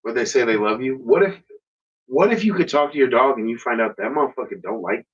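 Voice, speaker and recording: Husky man in casual podcast chat. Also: mid-range voice, fast talker. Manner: profane, animated storytelling. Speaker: podcast co-host. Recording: dull lo-fi sound.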